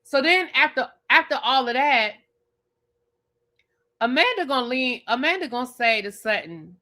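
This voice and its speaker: Bright-voiced woman ranting about TV. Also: high-pitched, moderate pace. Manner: animated, blunt and profane, talks straight at the show's cast. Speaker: TV show reviewer and channel host. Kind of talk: live rant and review.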